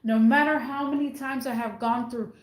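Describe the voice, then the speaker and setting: A woman's voice: on the high side, steady tone, normal speed, reverberant. A woman venting in a casual rant to camera, emphatic and indignant, hammering her points by repeating them. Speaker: retail worker venting about managers.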